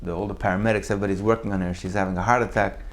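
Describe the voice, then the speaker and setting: A man giving a Torah sermon in a lively storytelling way, acting out quotes with big jumps in his voice. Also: rapid-fire. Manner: animated, acts out quotes with big pitch jumps. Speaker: rabbi giving a Torah class.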